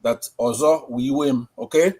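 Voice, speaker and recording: A man's voice: medium pitch, unhurried. A man speaks emphatically on a call-in line. He drives his points home and caps them with rhetorical tag questions. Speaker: caller. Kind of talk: call-in commentary.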